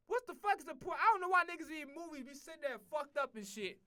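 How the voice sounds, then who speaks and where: A man streaming, talking in a casual, profane, animated rant full of restarts and repeated words. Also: extremely high pitch, fast, no echo, studio quality.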